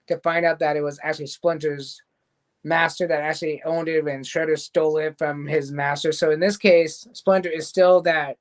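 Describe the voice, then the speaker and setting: A man hosting a casual show, recapping a cartoon episode in a loose, rambling way. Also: a little high. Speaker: show host reviewing a cartoon series. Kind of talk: casual review chat.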